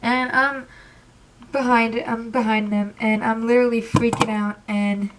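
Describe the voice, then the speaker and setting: A young woman telling an excited, rambling storytime about meeting her idols, emotional and close to tears. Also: on the high side, a little slow, background noise. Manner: gushing, rambling, says literally a lot. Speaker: vlogger.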